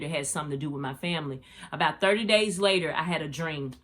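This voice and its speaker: A middle-aged woman hosting a podcast, telling a personal faith story in a casual, slangy way and talking straight to her listeners. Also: low-pitched. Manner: animated, slangy, addresses listeners as y'all. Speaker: podcast host.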